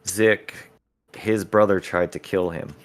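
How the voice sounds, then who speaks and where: A man's voice: deep voice, steady tone, slow pace. A man, the game master of a tabletop campaign, explaining his setting's lore in casual podcast chat.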